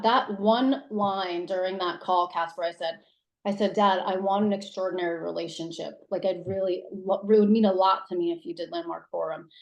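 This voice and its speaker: A woman in her thirties, a guest telling personal stories in casual conversation, acting out quotes with big jumps in pitch. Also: highs cut off. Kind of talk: casual interview storytelling. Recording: roomy echo.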